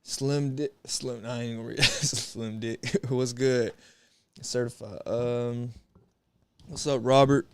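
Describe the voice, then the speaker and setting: A man's voice: mid-range voice, steady tone, slow, darkish tone, slight background noise. Laid-back slangy young man streaming. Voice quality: laid-back, rambling, slangy with frequent swearing. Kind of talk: casual livestream chat.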